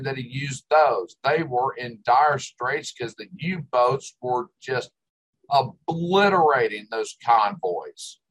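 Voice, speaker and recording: A man's voice: mid-range voice, a bit bright, husky, low-quality recording. An older man hosting a talk show, ranting with exasperation and sarcasm. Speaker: host. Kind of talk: ranting commentary.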